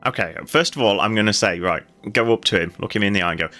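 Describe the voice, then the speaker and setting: Low-pitched guy with a bright voice, a tabletop player, kinda hesitant, repeats himself. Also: fast talker, hardly any pauses, soft background music. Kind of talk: tabletop game play.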